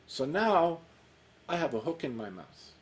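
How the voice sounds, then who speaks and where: A man's voice: on the high side, very animated, measured pace, rough recording. A man in his sixties, a cantor, telling his life story in a casual interview and acting out the dialogue. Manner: warm storyteller, acts out quoted dialogue. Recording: faint background noise.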